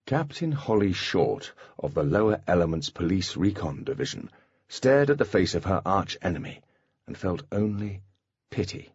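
Deep-voiced man narrating an audiobook. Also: fairly quick, gravelly, breathy edge, dry recording. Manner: expressive storytelling. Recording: dull, dry lo-fi recording.

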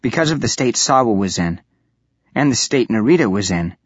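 A man giving steady, even scripted narration of a fantasy audiobook. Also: medium pitch, normal speed, husky, dry recording. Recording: dull lo-fi audiobook recording.

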